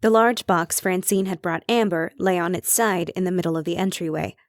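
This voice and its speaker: A woman reading a cozy mystery audiobook in measured, even storytelling narration. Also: fairly low pitch, no room sound, studio quality. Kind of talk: scripted narration.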